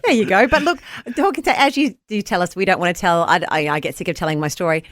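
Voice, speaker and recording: A woman hosting a morning radio show from a studio, interviewing a guest in a friendly, animated way. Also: on the low side, quick pace, no room sound. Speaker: radio host. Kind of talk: breakfast radio chat.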